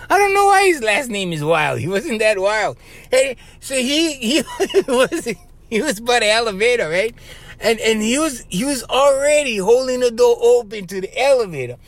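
A man with a Hawaiian Pidgin-tinged accent, hosting a podcast and telling stories in a loose, chatty way, often tossing in "bro" and "right?" and chuckling. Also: sits high. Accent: Hawaiian Pidgin-tinged English. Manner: animated, chatty, keeps saying "bro" and "right?", laughs between lines. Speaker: podcast host. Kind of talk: casual storytelling monologue.

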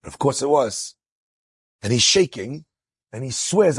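A man, a rabbi, telling a story in a lecture and acting out the people in it with rising excitement. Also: medium pitch, measured pace, pauses often, breathy edge, no room sound, studio quality. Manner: animated, acts out quotes with rising excitement.

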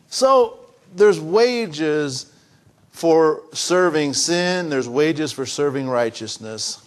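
Older male pastor with a high voice, preaching, swinging from emphatic to hushed, restarts phrases. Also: expressive, takes it slowly. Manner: swings between raised emphatic preaching and soft hushed confiding. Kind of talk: sermon.

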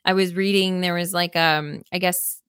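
A woman's voice: fairly low pitch, steady tone, moderate pace, a bit bright, clean tone, no echo, clean studio sound. A woman hosting a podcast, talking in an earnest, enthusiastic and rambling way, with many fillers. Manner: enthusiastic, emphatic. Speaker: podcast host. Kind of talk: casual reflective podcast chat.

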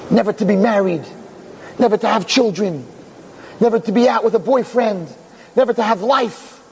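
Man doing a fired-up young prosecutor, earnest, voice climbing up high. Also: measured pace, a little mellow, long reverb tail, slight background noise, poor audio. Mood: impassioned. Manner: impassioned, rising pleas. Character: young, earnest assistant district attorney.

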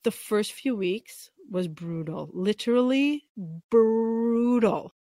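A woman in her thirties, a podcast guest, telling a personal story in conversation, animated and emotional, acting out what others said to her. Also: a little high, slow, no echo. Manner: emotional, animated retelling with quoted dialogue.

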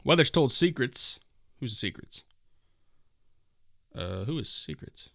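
A man hosts a solo commentary podcast, reading headlines aloud and mocking them with profane sarcasm. His voice sits in a middle pitch. The sound is dry and close, with no room around it. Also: very animated, unhurried, gravelly, fairly bright tone, no room sound. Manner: reads news aloud and riffs on it. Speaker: podcast host.

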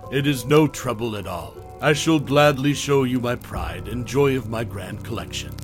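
A man's voice: medium pitch, moderate pace, faint music behind, natural voice. A man voicing a formal, haughty reclusive woman who tends a grand garden, in a horror story. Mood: gracious.

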